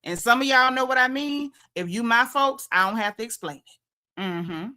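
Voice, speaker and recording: A woman's voice: fairly high pitch, animated, normal speed, pushed and bright. A woman with a Southern American accent hosting a casual livestream recap, talking in a sassy, emphatic, colloquial way. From Southern United States. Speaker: show recap host.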